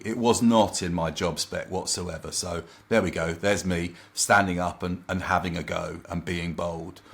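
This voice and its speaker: A man working as a confidence coach, telling lively anecdotes in a casual interview and acting out quoted remarks. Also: low-pitched, vocal fry.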